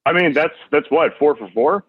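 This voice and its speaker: A man's voice: fairly high pitch, moderate pace, husky, dry recording. A man making polite, upbeat cold calls and chatting casually about them. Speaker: sales caller. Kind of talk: cold calling and casual chat. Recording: tinny dry phone-like audio.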